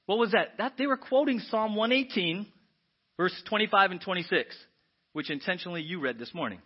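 A man preaching a sermon as pastor, animated and often asking the congregation "right?". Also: high voice, brisk, breathy edge. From United States. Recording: dull lo-fi church audio.

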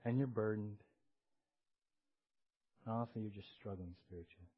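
Husky-voiced man preaching with dramatic swings. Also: on the low side, normal speed. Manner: animated, swinging from loud emphasis to hushed asides. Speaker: pastor. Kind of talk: sermon. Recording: dull lo-fi church audio recording.

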